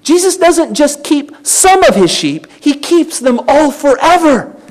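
A man delivers a sermon in a high, animated voice. He speaks emphatically, urging his listeners on, with his pitch rising and falling widely. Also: unhurried. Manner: emphatic, exhorting the congregation. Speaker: pastor.

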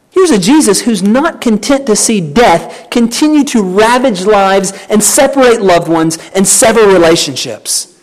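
A man preaching a sermon in an earnest, emphatic way, often calling his listeners "friend". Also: sits high.

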